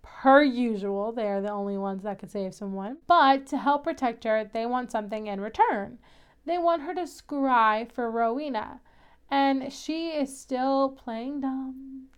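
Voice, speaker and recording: A young woman with a high, bright-pitched voice talks through a TV episode in a loose, chatty way, giggling between thoughts. Her tone stays smooth and clean, with a light, easy quality. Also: unhurried. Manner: giggly, chatty, laughs often. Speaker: podcast host. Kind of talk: casual episode recap.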